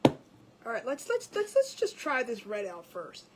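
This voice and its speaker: A high-voiced woman chats unhurriedly with her live viewers while she paints a craft piece, laughing often and reading their comments aloud. A faint hiss sits under her voice. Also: wildly swooping pitch, unhurried, darkish tone. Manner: giggly, chatty, reads viewer comments aloud. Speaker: craft livestream host.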